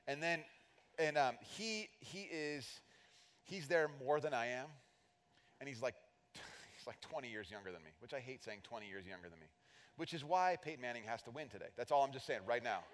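A middle-aged man preaching a sermon as pastor, animated and self-deprecating, acting out little voices to make his points. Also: mid-range voice, moderate pace. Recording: long hall reverb.

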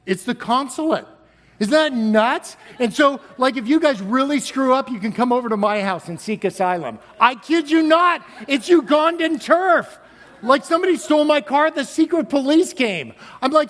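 Animated high-voiced man preaching. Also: normal speed, in a large hall. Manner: animated, laughing, exclaiming. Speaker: guest speaker. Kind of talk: storytelling sermon.

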